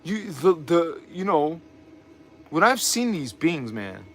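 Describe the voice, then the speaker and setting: Male spiritual teacher, high-pitched, preachy and emphatic, livestream talk. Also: big pitch swings, takes it slowly, a little hiss or hum. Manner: emphatic, preachy, with mocking asides and repetitions. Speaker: spiritual teacher and channel host.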